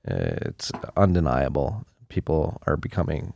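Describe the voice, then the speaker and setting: Deep, gravelly podcast host. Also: male voice, very animated, a little slow, a little mellow, a little hiss or hum. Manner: casual, laid-back, uses fillers like dude. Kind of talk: casual chat.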